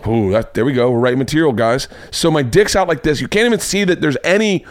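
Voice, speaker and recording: Animated, foul-mouthed man telling stories. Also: fast talker, few pauses, no echo. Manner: animated storytelling, swears freely, voice jumps higher when excited. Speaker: comedian podcast host. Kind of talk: casual comedic monologue. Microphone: podcast mic.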